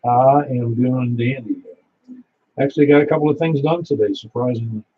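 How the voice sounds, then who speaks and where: On muffled, lo-fi radio, a Niagara Falls, New York net control operator chats through a ham radio net. His medium-pitched voice has a breathy edge and normal speed, and he tells stories and laughs readily.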